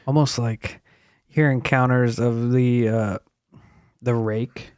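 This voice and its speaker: A man co-hosting a podcast, reacting to the stories and musing in quick, loose, profane talk. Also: medium pitch, fairly even intonation, a little mellow, smooth, no room sound, clean studio sound. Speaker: podcast co-host. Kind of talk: casual chat.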